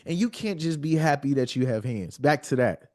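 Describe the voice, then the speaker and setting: Warm and expressive, this mid-range male voice belongs to a podcast guest in his thirties who speaks at normal speed. He tells heartfelt stories in conversation, earnestly repeating words as he works toward a point.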